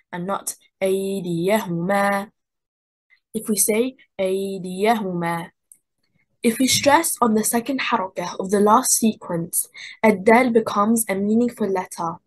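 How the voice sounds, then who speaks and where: A woman's voice: medium pitch, slightly rough, low-quality recording. A woman teaching a lecture on Quranic recitation stress, methodically repeating contrasting word examples.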